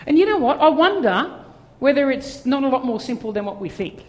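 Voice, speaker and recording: A male pastor preaching a lively sermon, telling stories and acting out little voices as he goes. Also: very high voice, fairly quick. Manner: animated storytelling, acts out voices. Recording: long hall reverb.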